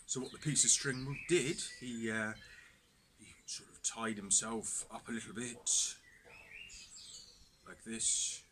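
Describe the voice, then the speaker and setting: A man's voice: mid-range voice, moderate pace, pushed and bright. A man leading cub scouts through activities in a casual instructional video, chatty and self-deprecating. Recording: background noise.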